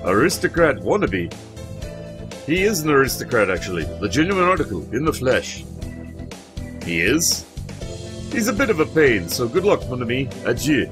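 A man's voice: mid-range voice, very animated, moderate pace, long pauses, music in the background, close to an everyday voice. A man doing a smug pigeon playboy in mock French. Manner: smooth, smug, flirty.

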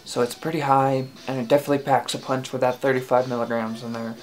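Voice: mid-range voice, level tone, quick pace, a little mellow. Rambling casual reviewer, faint music behind. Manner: rambling, hesitant, lots of fillers and restarts. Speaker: e-liquid reviewer.

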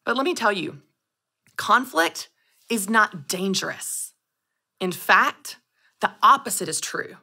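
A woman in her thirties hosting a solo podcast, telling personal stories with animated delivery and acting out quoted lines. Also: mid-range voice. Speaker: podcast host. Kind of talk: scripted solo podcast monologue.

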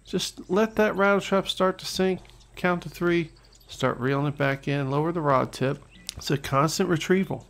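Man, gravelly voice, playful game commentary, talks straight to viewers, soft music behind. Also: fairly high pitch, moderate pace. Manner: jokey, excitable, talks to the viewer. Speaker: gaming channel host. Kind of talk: let's-play commentary.

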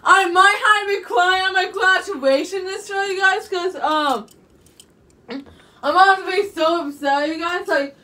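A young woman chatting to camera from her bedroom in a very high, bright voice. She rambles and circles back, tossing "you guys" into nearly every phrase. Her voice sits a little away from the mic. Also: measured pace, far from the mic. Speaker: vlogger. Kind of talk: casual chat to camera.

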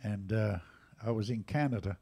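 A man in his eighties with an English accent, casually telling jazz stories at a live museum event, lively and animated in his retelling. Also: lowish voice, normal speed, husky. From England. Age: 80s. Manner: lively, animated retelling with raised voices for quotes. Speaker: jazz drummer and storyteller guest. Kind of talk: casual anecdotal storytelling.

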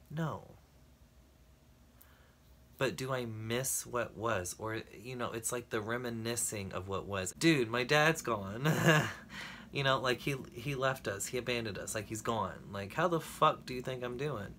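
A man's voice: medium pitch, pushed and bright, a little hiss or hum. A man talking candidly to camera in a personal vlog, blunt and emotional, swearing freely as he rambles. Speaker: vlogger.

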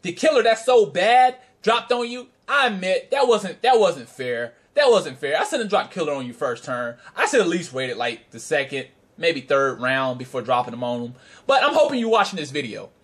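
A man's voice: fairly high pitch, big pitch swings, normal speed, fairly bright tone. A man casually telling a story in a vlog, brash and profane, with frequent laughter and trash-talk. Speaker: card game player recounting a tournament.

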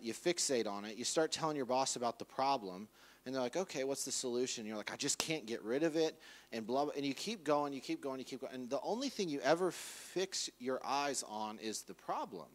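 A man's voice: mid-range voice, lively intonation, moderate pace. A man preaching a conversational sermon in church, casually acting out quoted voices. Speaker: pastor.

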